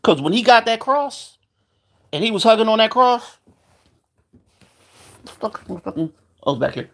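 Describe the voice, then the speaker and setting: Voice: mid-range voice, lively intonation, unhurried, a bit bright. A vlogger delivering a heated, profane monologue, swearing constantly and acting out what people said.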